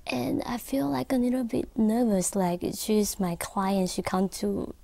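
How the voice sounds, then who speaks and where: A woman, an accessory designer, telling a story as an interview guest in a filming studio. Her English is halting and full of fillers. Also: medium pitch, mellow, dry recording. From Taiwan. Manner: halting non-native English with frequent fillers.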